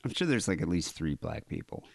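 Sarcastic man with a lively voice. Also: a bass voice, gravelly, husky, dry recording. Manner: sarcastic, swears, quick retorts. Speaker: podcast co-host. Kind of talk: casual comedic chat.

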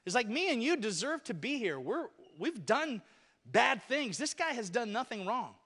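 A dying criminal pleads in a high, urgent voice, as a man plays him in a sermon. Long reverb hangs after each phrase. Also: big pitch swings, normal speed, a bit bright, heavily acted.

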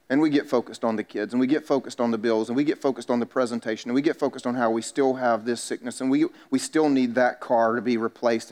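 A man's voice: medium pitch, a little mellow. A man, a pastor preaching a sermon in a church and telling stories with self-mocking humor. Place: church sanctuary.

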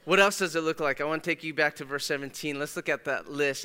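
A man preaching a conversational sermon as pastor, swinging from emphatic bursts to hushed, earnest asides. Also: a little high, fast, smooth, long reverb tail. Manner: conversational, emphatic, shifts between loud and hushed. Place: church sanctuary.

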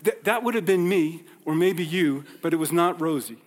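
A man's voice: fairly high pitch, moderate pace. A man from New York preaching a sermon, telling stories conversationally and acting out the people in them. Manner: conversational, acts out dialogue in stories. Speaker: pastor. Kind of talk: sermon with personal storytelling. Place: church sanctuary. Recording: long hall reverb.

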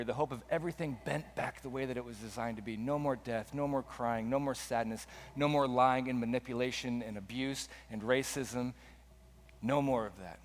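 Man preaching in a reverberant sanctuary. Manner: impassioned preaching with dramatic pitch swings. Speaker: pastor. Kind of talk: sermon. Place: church sanctuary. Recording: long hall reverb.

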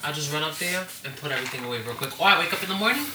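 A woman's voice: deep voice, very fast. A woman in her thirties, a podcast co-host, chatting casually and acting out her children's voices as she tells stories. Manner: animated storytelling, acts out kids' voices. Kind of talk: casual chat. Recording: roomy with clear background noise.

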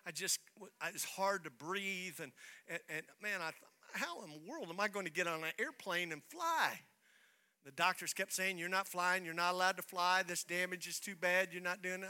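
A man preaching a sermon as pastor, telling a personal story in an animated way and acting out the dialogue. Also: high-pitched.

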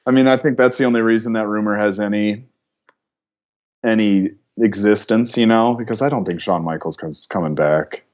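A man as a podcast guest, talking casually in a relaxed way and laughing often. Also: fairly low pitch, moderate pace. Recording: dull lo-fi mic.

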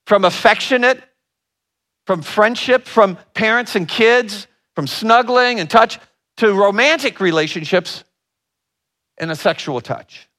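High, bright-voiced man telling a story. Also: unhurried. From Northern Ohio. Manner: animated storyteller with asides to the audience. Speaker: relationship educator. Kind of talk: storytelling talk.

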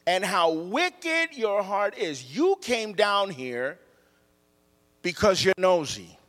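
A man's voice: sits high, big pitch swings, fairly bright tone, long reverb tail, full character voice. A man doing a furious, scornful older brother. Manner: accusing, slow and emphatic.

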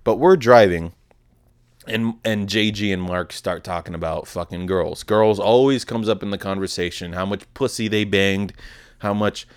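A man's voice: lowish voice, moderate pace, clean tone. A young man in his twenties hosting a podcast, telling a rambling, profane, self-deprecating story about a night out. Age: 20s. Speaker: podcast host. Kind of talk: casual storytelling monologue.

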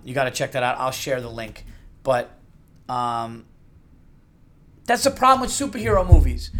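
A man's voice: mid-range voice, a bit bright. A middle-aged man hosting a casual solo podcast, talking bluntly and profanely and rambling through restarts. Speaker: podcast host.

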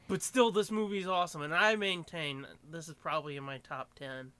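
A young man co-hosting a casual movie commentary, excitable and profane, breaking into silly exaggerated voices. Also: high-pitched, unhurried, long pauses, smooth, dry recording. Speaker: podcast co-host.

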